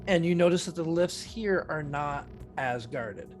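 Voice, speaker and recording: A man narrating a tabletop game as dungeon master, describing scenes in a steady, measured way. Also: fairly high pitch, faint music behind.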